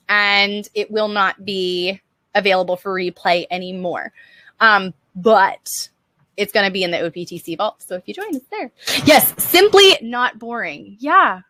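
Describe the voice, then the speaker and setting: A woman's voice: medium pitch, bright, forceful tone, dry recording. A young woman teaching design on a casual live stream, chatty and upbeat, answering viewer questions with lots of "um" and "like".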